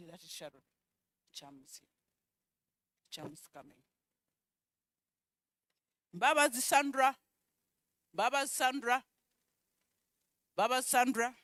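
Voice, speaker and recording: A woman presenting at a conference, calling out attendees' names one by one and repeating each, with quiet asides in between. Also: fairly high pitch, dry recording. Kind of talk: roll call at a conference.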